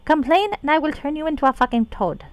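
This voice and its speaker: A woman voicing a cranky, foul-mouthed pixie in a deliberately bad, wandering accent, bossy and threatening. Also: high-pitched, expressive, dry recording, pitched above the performer's own voice.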